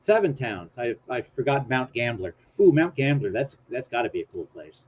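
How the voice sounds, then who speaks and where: A man hosting a casual live stream, rambling along and poking fun at himself as he reads bits off his screen. His voice sits at an ordinary middle pitch. The audio is dull and lo-fi, with a faint hiss underneath. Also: very animated, normal speed. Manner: rambling, self-mocking, reads from screen aloud. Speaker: livestream host.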